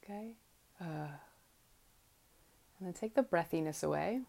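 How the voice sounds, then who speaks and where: A woman teaching mantra pronunciation in a slow, guided lesson, patiently demonstrating each vowel and consonant aloud. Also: fairly low pitch, gravelly, a little mellow.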